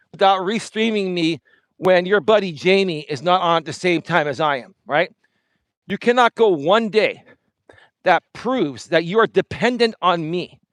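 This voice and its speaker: Taunting high-voiced male streamer. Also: fairly bright tone, no echo. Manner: taunting, repeating a rival's name. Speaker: livestream host. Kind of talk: confrontational livestream rant.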